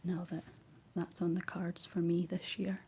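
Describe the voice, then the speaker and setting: A young Scottish woman whispering soft ASMR chat, rambling gently to her viewers while she paints, close on the mic. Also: lowish voice, flat delivery, a little slow, slight background noise. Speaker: ASMR livestream host.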